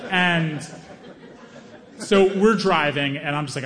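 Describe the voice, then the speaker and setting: A man telling a stand-up story, lively, acting out other people's lines. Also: slow pace, long pauses. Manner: animated, acts out other people's lines in higher voices. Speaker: stand-up comedian.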